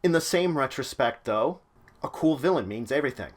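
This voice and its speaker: On his own channel, a man with a mid-range, expressive voice talks fairly quickly. He shares game-mastering tips in a loose, casual instructional style, with plenty of fillers.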